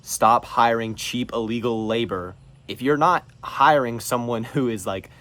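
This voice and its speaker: A man from North Carolina holds forth in a solo monologue for his show. His voice sits a little low, and he talks in an emphatic, preachy way, pressing hard on his points. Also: a bit bright. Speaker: show host. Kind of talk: political monologue.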